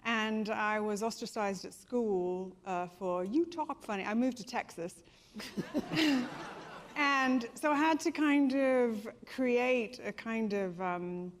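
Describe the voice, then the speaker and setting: A woman's voice: a little high, takes it slowly. A woman from England whose accent drifts between English and American, telling a self-deprecating story on a panel stage. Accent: shifts between English and American. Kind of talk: public panel talk. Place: stage in a large hall. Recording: long hall reverb, faint room noise.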